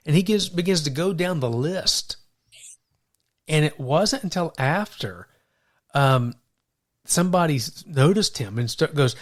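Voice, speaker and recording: His voice sits a little high, with lively intonation and a moderate pace. He co-hosts a Christian podcast, telling animated stories in conversation about faith while stumbling and repeating words as sentences begin.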